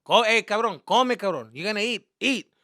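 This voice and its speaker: A man voicing his gruff, teasing Mexican father, who scolds in a mix of Spanish and English. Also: high-pitched, a little fast, sharp tone, no echo, studio quality, pitched above the performer's own voice. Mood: scolding. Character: gruff, teasing Mexican dad cooking carne asada.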